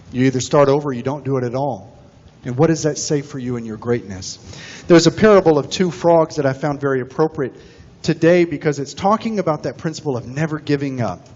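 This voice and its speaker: Male minister, sermon, folksy storyteller, chapel sanctuary, dull lo-fi recording, long reverb. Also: a little high. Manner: folksy, animated storytelling preacher. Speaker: senior minister.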